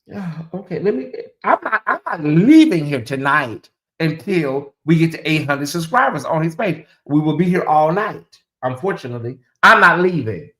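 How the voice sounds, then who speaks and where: A middle-aged man hosting a casual livestream, talking straight to his chat in an animated, teasing way. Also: on the high side, moderate pace. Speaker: livestream host. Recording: echoey room.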